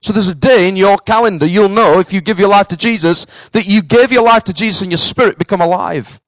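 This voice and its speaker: A man's voice: high voice, fairly quick, no room sound, poor audio. A man with a Northern English accent preaching a sermon to his congregation in an earnest, direct way, often repeating himself for emphasis. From northern England. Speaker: pastor. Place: church in Cambridge.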